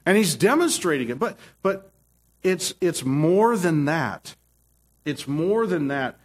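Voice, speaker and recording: A man's voice: fairly high pitch, very animated, slow. A middle-aged man preaching a sermon with emphatic, repetitive phrasing and frequent restarts. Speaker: pastor.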